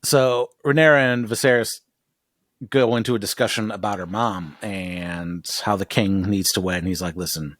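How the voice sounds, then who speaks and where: A man co-hosting a podcast in a casual recap chat, jokey and relaxed, who swears in passing. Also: lowish voice, normal speed, dry recording, clean studio sound. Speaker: podcast co-host.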